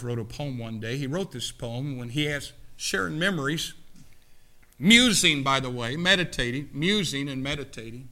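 A man delivers a sermon with a sharp, bright, forceful tone. He swings from fervent, loud exclamations to quiet, earnest pleading. He recites scripture and verse as he goes. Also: medium pitch. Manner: recites verse and poetry from memory. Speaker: preacher.

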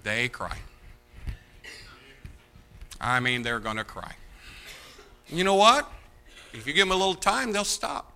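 A man preaching a sermon as pastor, animated and mocking, swinging between loud outbursts and hushed asides. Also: a little high, measured pace, vocal fry, pauses often.

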